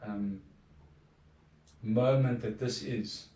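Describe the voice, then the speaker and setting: A man's voice: medium pitch, steady tone, extremely slow, mellow. Earnest man in an echoey room. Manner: reflective, earnest, with frequent restarts. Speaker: podcast guest. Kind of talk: casual conversation. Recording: echoey room, distant from mic.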